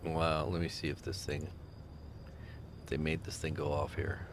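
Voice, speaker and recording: A man's voice: very deep voice, completely flat delivery, moderate pace, background noise. Rambling man hosting a livestream. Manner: rambling, reads out chat names, chuckles. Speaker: livestream host. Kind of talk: casual livestream chat.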